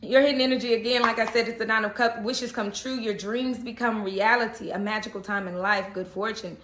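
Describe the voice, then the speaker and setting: A woman's voice: a little high, steady tone, a little fast, a bit bright, slight background noise. A woman giving a casual spoken tarot reading, chatty and reassuring, often checking in with "okay?". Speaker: tarot reader. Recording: echoey room.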